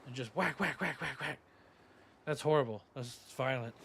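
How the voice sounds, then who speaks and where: A man streaming a game, talking bluntly and reacting loudly to what happens on screen. His voice sits in the middle range. A steady background hiss runs under the recording. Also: medium pitch, moderate pace, creaky. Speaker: gaming streamer. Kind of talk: let's play commentary.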